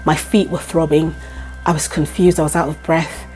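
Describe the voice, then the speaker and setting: A woman speaks straight to her viewers in a warm, mellow voice, recounting her own experience. She is emphatic and repeats key points for stress. Faint music runs quietly beneath her voice. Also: deep voice, flat delivery, moderate pace. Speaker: vlogger. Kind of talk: personal storytelling to camera.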